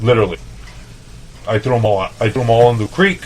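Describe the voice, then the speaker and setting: A man from El Paso, a chef, telling stories in a loose, profane, animated way on a podcast. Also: mid-range voice, fast talker, slight background noise, rough recording. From El Paso, Texas. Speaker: chef, interview guest. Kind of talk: casual storytelling.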